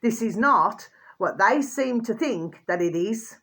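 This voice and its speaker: A woman's voice: mid-range voice, animated, slow, a bit bright. A woman vlogging in a rambling, chatty monologue, with repetitive endearing asides to her viewers and indignant outbursts between gossipy stories.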